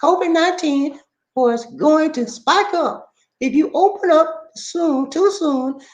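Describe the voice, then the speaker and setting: A man doing an impression of a cheerful, simple young country man, in a high, drawling, folksy voice. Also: slow, echoey room, low-quality recording.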